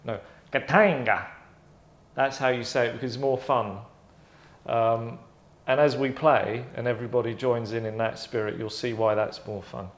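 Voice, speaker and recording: A man hosts his own show and pitches a game idea he came up with, chatting casually and rambling through asides and self-corrections. His voice is mid-range with a flat delivery at normal speed, and the room is echoey.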